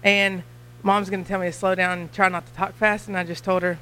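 A young woman with a Kentucky accent giving a church mission talk, chatty and nervous, talking fast. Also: lowish voice, little pitch movement, a bit bright, smooth, rough recording. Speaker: missionary guest speaker.

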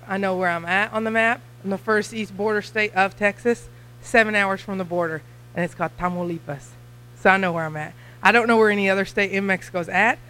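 A young woman with a Kentucky accent giving a church mission talk, chatty and nervous, talking fast. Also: medium pitch, fairly bright tone, low-quality recording. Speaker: missionary guest speaker.

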